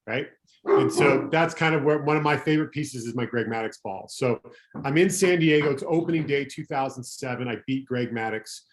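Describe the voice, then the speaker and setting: A middle-aged man, a former pro pitcher, telling anecdotes as a podcast guest in a rambling way, correcting himself as he goes. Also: brisk. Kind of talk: casual storytelling chat.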